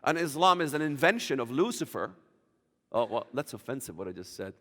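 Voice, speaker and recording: A combative man preaching as a church guest, his voice bright and cutting as he pushes toward shouts. His pitch sits high and swings wildly from line to line. Long reverb from the church hall trails every word. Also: big pitch swings, fairly quick. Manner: emphatic, combative, rising to shouts. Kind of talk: fiery preaching talk.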